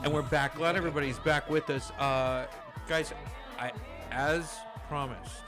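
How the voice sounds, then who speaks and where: A man's voice: a little high, fairly even intonation, measured pace, over music. A man hosting a radio show in casual chat, rambling with many restarts and fillers, in a radio studio.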